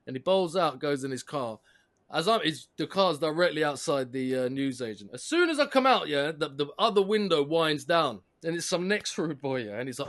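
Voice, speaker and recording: A man in his forties hosts a podcast and tells a story with excitable energy and plenty of slang. His voice is high and bright, and it leaps all over the place as he talks. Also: moderate pace. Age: 40s. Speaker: podcast host. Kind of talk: casual podcast chat, storytelling.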